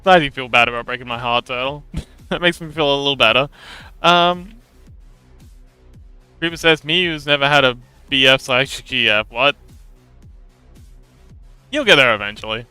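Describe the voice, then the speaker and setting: A man hosting a livestream, reading out chat and answering in a loose, joking way. His voice is bright, clear and a little high for a man, and he talks close to a dry mic with faint music underneath. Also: normal speed, pauses often, no echo. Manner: chatty and playful, laughs often between remarks. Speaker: livestream host. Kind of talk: casual livestream chat, reading viewer messages aloud.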